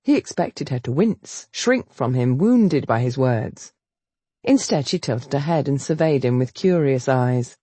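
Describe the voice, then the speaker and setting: A woman narrating a period romance audiobook in an expressive storytelling manner. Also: extremely low pitch, a little slow, breathy edge, no echo. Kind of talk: scripted narration.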